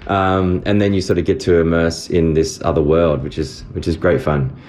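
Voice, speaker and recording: A man's voice: low voice, moderate pace. A man in his forties from Australia, a voice actor chatting animatedly about his work in an interview. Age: 40s. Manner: chatty, animated, with frequent restarts. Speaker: voice actor guest. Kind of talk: casual interview chat.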